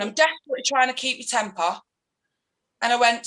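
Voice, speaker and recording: A woman's voice: fairly high pitch, a bit bright, low-quality recording. A woman with a Mancunian accent, an activist guest talking politics with passion and mimicking people she criticises. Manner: passionate, ranting, quick to mimic others. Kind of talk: casual political interview.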